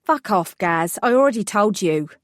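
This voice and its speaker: A woman voicing a gruff, weathered woman who curtly turns away a pestering man. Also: medium pitch, animated, moderate pace, no echo, studio quality, lightly acted. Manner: tired, curt, dismissive. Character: gruff weathered woman guarding a gang boss.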